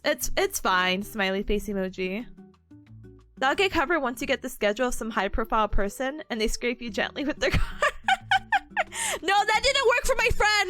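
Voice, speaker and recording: A young woman streaming a study session, chatting casually with her viewers, laughing often and rambling between stories. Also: high-pitched. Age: young adult. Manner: laughs often, talks to chat, lively and rambling. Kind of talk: casual live-stream chat.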